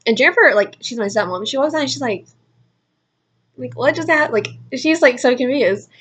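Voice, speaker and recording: A woman's voice: a little high, expressive, a little fast, a bit bright, slightly rough. A young adult woman telling a story in a casual vlog, rambling with constant "like" fillers. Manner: rambling, heavy use of "like" fillers. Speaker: vlogger.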